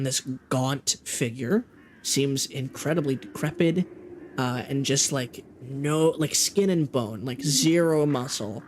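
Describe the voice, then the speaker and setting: A man running a tabletop game as game master, describing scenes in a halting way with many ums and restarts. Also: mid-range voice, a little hiss or hum.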